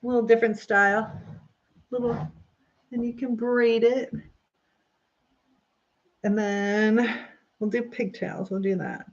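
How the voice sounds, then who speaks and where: A woman's voice: fairly high pitch, steady tone, slow, pauses often. Chatty middle-aged woman on a live stream. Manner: chatty, rambling, frequent laughs. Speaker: livestream host reading viewer comments. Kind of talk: casual live chat while styling her hair. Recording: slightly dull lo-fi sound.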